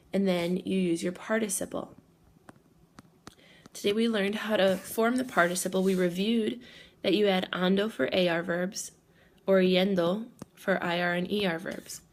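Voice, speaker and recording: Woman teacher, patient step-by-step explainer, a touch of vocal fry, mid pitch. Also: steady tone, a little slow. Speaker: Spanish teacher. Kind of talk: recorded classroom lesson.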